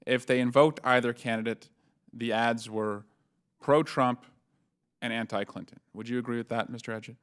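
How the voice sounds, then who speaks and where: A man in a hearing room questions witnesses with a smooth, resonant voice. He speaks at a measured pace, pausing often to gather his words. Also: mid-range voice, steady tone. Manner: measured questioning with frequent uh fillers.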